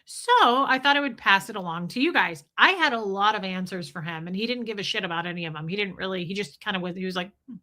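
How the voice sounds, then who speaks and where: A woman's voice: mid-range voice, expressive, quick pace, hardly any pauses, sharp tone. A woman hosting a live stream in casual chat, rambling and greeting viewers between her thoughts.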